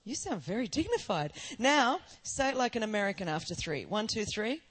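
A middle-aged woman with an Australian accent, preaching as a guest speaker in a fast, lively, joking manner. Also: mid-range voice, slight background noise. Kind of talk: sermon.

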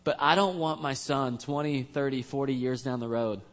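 Joking pastor telling a family story. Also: male voice, medium pitch, normal speed. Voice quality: casual, joking, conversational. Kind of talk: storytelling sermon. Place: church.

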